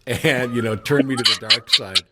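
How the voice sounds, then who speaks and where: A man guest on a podcast, chatting casually and telling stories with animated reflection. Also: mid-range voice, normal speed, heavy background noise. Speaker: guest actor. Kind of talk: casual chat.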